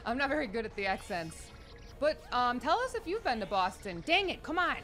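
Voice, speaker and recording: Lively chatty woman with a Chicago accent. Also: on the high side, fairly quick, soft background music. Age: 30s. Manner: chatty, excitable, breaks off to cheer at the game. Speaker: gaming channel host. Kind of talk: casual chat while playing a video game.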